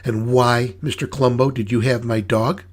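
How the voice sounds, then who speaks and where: A man's voice: medium pitch, fairly even intonation, normal speed, close to an everyday voice. A man voicing a huge, menacing female sideshow boss with a sweet, light voice and a bossy, threatening manner. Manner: bossy, threatening, shrieks when angry.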